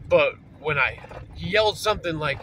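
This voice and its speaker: A man's voice: fairly high pitch, lively intonation, moderate pace, pushed and bright, slight background noise, low-quality recording. A man telling a story casually, rambling and swearing, with lots of fillers, recorded in a parked vehicle. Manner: rambling, profane, full of fillers. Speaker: vlogger.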